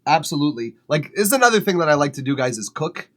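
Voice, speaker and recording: A fairly high-pitched man talks quickly while hosting a music feedback livestream from his home studio. He eats as he goes, chatting easily, cursing casually and laughing often.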